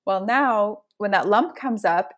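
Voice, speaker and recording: A woman's voice: mid-range voice, takes it slowly. A woman in a casual spiritual chat, talking emphatically and building intensity as she tells her stories. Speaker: podcast guest.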